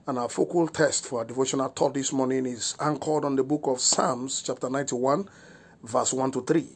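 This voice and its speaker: Husky-voiced pastor preaching. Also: male voice, mid-range voice, steady tone, normal speed. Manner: solemn, declaring prayers and repeating rhetorical questions. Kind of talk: broadcast devotional sermon and prayer.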